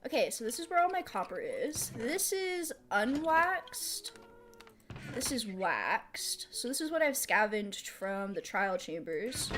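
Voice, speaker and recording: A woman streamer giving casual live gameplay commentary. She thinks out loud while she builds, answers chat aloud and laughs often. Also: mid-range voice, background noise. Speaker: streamer playing a building game.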